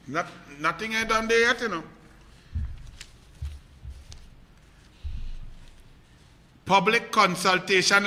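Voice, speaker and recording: Man doing a squeaky, bright Trinidadian satirist voice; sarcastic sing-song preacher. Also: heavily acted. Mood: mocking. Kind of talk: political satire rant.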